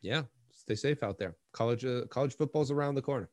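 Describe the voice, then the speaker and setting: A man's voice: medium pitch, brisk, background noise. A man hosting a casual sports podcast, laid-back and dry-humored, laughing often. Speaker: podcast host.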